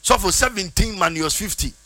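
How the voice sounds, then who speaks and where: High-voiced pastor half-singing a sermon. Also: male voice, lively intonation, moderate pace, pushed and bright, no room sound. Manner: preaching in Twi and English, half-singing, call and response. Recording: music bed behind.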